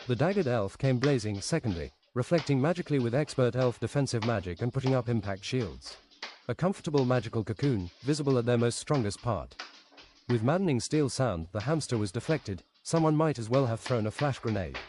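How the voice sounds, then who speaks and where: A man on a livestream reads a story aloud in a steady, deadpan way. His voice sits at an ordinary middle pitch. Loud clicking from his setup runs behind him. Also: fairly quick, a little hiss or hum. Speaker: streamer.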